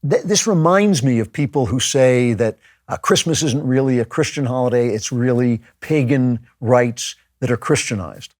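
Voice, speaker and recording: A man's voice: medium pitch, normal speed, no room sound, studio quality. Man musing emphatically on faith. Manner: conversational, emphatic, animated quoting of others. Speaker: podcast host. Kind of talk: casual monologue on faith.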